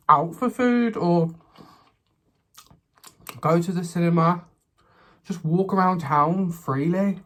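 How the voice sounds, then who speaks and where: A man's voice: on the high side, lively intonation, takes it slowly, long pauses, a bit bright. A man, a mukbang vlogger chatting casually and a little sassily while he eats, sometimes talking with his mouth full. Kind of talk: casual chat while eating.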